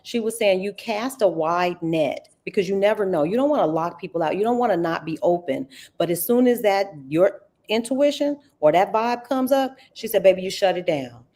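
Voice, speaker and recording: Animated, folksy woman host. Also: mid-range voice, normal speed, hardly any pauses. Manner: animated, folksy, calls listeners honey and girl. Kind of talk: casual livestream talk.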